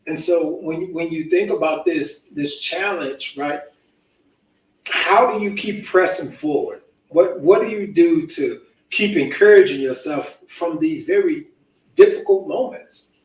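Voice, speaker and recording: Higher-voiced male moderator, distant and echoey. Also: a little slow. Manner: guiding, asking questions. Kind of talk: moderating a discussion.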